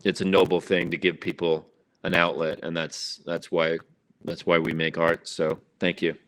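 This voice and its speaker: A man hosting a casual interview over a video call, talking in a halting, thoughtful way with plenty of fillers. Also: sits low, monotone, a bit bright. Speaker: show host.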